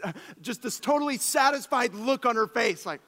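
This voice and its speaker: A man in his thirties, a pastor preaching a sermon, telling stories with animated swings from soft asides to exclamations. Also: very high-pitched, moderate pace, long reverb tail.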